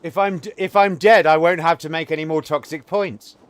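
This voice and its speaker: A man's voice: a little high, fairly even intonation, brisk, smooth. A man, cracking crude teasing jokes in casual podcast banter. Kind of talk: casual chat.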